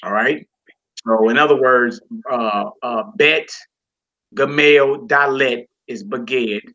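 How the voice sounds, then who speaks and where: A man's voice: mid-range voice, slow, sharp tone, lo-fi sound. A man teaching a class from a Hebrew textbook, reading passages aloud and explaining them with casual, folksy asides to the listeners.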